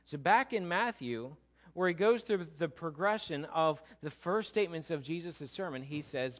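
A man with a high voice delivers a sermon to his congregation. He rises into loud, emphatic exclamations and then drops to low, quiet asides. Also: expressive, normal speed. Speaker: pastor.

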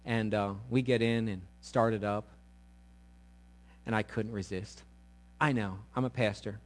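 A middle-aged man preaching a sermon as a pastor, telling a story with big loud peaks and quiet, intimate low passages. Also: fairly even intonation, a little slow.

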